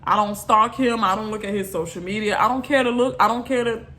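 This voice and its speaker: A woman's voice: medium pitch, a little fast, bright, forceful tone. A woman vlogger, venting bluntly and repeating herself in an exasperated rant to her viewers.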